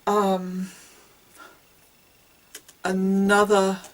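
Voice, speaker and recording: Unhurried woman teaching singing from a distance. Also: medium pitch, completely flat delivery. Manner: demonstrates vocal exercises with whoops, grunts and hisses. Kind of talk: casual singing lesson.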